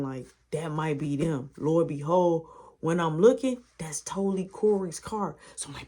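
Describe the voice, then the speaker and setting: A woman telling an animated story in a casual, slangy way, acting out the action with sound effects and quoted lines. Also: deep voice, normal speed.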